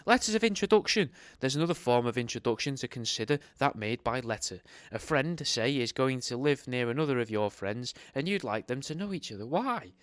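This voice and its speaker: A man's voice: medium pitch, lively intonation, a little fast, few pauses, a bit bright, no echo. A young man reading an old etiquette book aloud, breaking off into rambling, sweary, sarcastic commentary.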